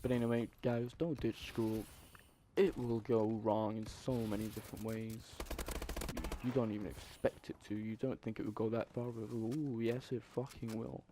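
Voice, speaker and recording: A young man telling a story in a casual, profane, animated way, with exasperated asides. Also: fairly low pitch, moderate pace, slight background noise. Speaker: vlogger.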